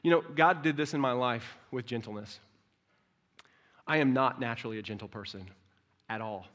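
A middle-aged man preaching a sermon as pastor, direct and blunt, swinging from quiet reflection to loud, impassioned peaks. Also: mid-range voice, moderate pace.

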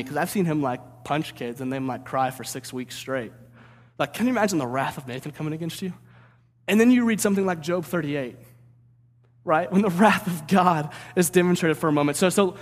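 A preacher from St. Louis giving an energetic, conversational sermon, often checking in with "right?". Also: male voice, on the high side, in a large hall. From St. Louis, USA.

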